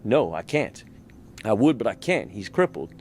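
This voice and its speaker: A man voicing a calm, unbothered old male farmer in a spoken story, speaking slowly and evenly. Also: on the low side, slight background noise. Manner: slow, even and detached.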